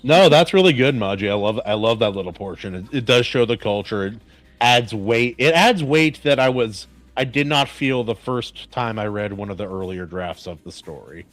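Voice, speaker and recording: Deep-voiced man reading aloud. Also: animated, no echo. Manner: measured, earnest reading; warm praise in chat. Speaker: podcast host reading a story aloud. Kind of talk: story reading and casual chat.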